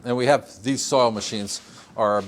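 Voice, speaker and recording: A man's voice: mid-range voice, steady tone, unhurried, a little hiss or hum. An older man from Vermont giving a casual greenhouse tour, rambling with fillers and frequent chuckles. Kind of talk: casual walking-tour interview.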